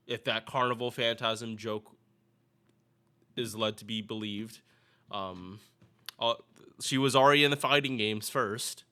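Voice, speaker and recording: A man's voice: on the low side, steady tone, a little slow, long pauses, pushed and bright, clean tone. A man giving casual, rambling game commentary to his viewers, often restarting his sentences and chatting directly to them. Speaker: gaming YouTuber.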